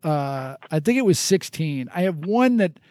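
A man's voice: fairly high pitch, very animated, normal speed, a little mellow, dry recording. A middle-aged man hosting a podcast, telling a rambling, self-mocking story at a casual pace, with restarts and laughs. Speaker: podcast host.

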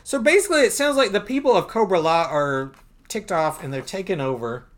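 A man's voice: high-pitched, lively intonation, brisk. A man co-hosting a podcast, chatting casually through a comic book recap and often laughing. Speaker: podcast co-host.

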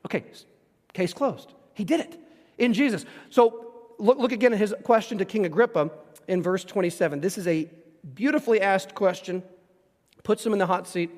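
A man with a strikingly high voice preaches a verse-by-verse sermon. He is animated and emphatic, pressing rhetorical questions on his listeners and acting out the voices of the figures he describes. His voice rings out with the long reverb of a large hall. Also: normal speed. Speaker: pastor. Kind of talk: expository sermon.

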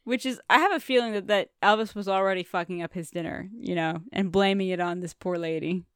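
Smooth-voiced woman, wry podcast banter. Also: lowish voice, fairly quick, a bit bright, no echo, studio quality. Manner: wry, joking, lots of agreeing interjections. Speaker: podcast co-host. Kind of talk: casual movie recap chat.

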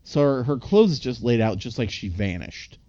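As a podcast co-host, a man recaps a movie plot in casual chat, rambling and using lots of filler words. His medium-pitched voice has a dark tone and is very animated, at a moderate pace. The lo-fi audio sounds slightly dull.

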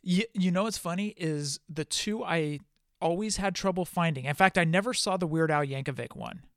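A man's voice: on the high side, normal speed, no room sound, clean studio sound. A man hosting a podcast, chatty and asking questions, laughing often. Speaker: podcast host. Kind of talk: casual chat.

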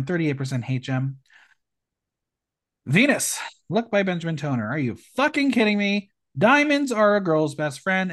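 A man hosting a podcast, recapping a show in casual chat and reading out judges' comments with emphatic, campy delivery. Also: mid-range voice. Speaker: podcast host.

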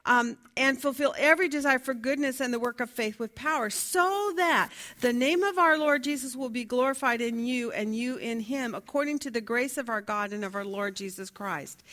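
A woman's voice: fairly high pitch, moderate pace, fairly bright tone. A woman teaching a Bible study class in a conversational way, asking her listeners questions and reading from her notes. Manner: fumbles with notes, laughs at herself.

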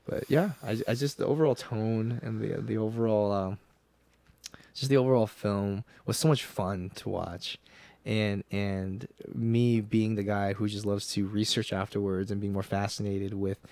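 A man's voice: fairly low pitch, fairly even intonation, moderate pace, vocal fry, mellow, no room sound. A man co-hosting a film podcast in casual chat, rambling enthusiastically and tripping over his words. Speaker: podcast co-host.

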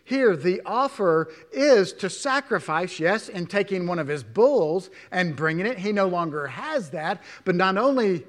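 Preaching a sermon in a church, this man has a slightly high voice for a male, and a long hall reverb rings around him. His delivery is emphatic, moving between loud stresses and quiet asides, and he poses plenty of rhetorical questions.

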